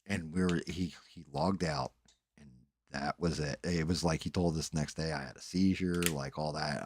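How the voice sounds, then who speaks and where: A man's voice: a bass voice, moderate pace, a little mellow, husky, no echo. A man hosting a livestream, telling a rambling, profane gaming story in a laid-back way. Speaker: livestream host. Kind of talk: casual storytelling chat.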